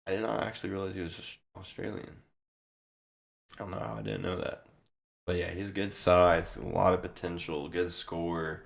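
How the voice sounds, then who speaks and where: Young male vlogger, deep and gravelly, voice fading and hoarse, rambling casual sports reaction. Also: steady tone, moderate pace. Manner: rambling, restarts often, loose and offhand. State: losing his voice. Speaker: sports video host. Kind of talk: casual draft reaction commentary.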